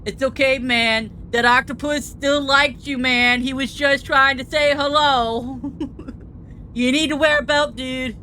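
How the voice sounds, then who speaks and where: A woman's voice: high-pitched, steady tone, measured pace, pushed and bright, a little hiss or hum. A woman voicing a laid-back male surfer dude instructor with a drawling, rambling, goofy way of talking. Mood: joking.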